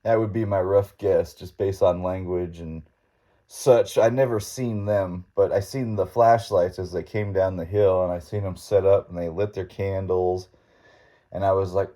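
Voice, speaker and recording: A man's voice: fairly low pitch, moderate pace, mellow. A man hosting a podcast, telling a story in a rambling, laid-back way with folksy grammar and frequent chuckles. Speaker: podcast host. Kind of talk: casual storytelling monologue.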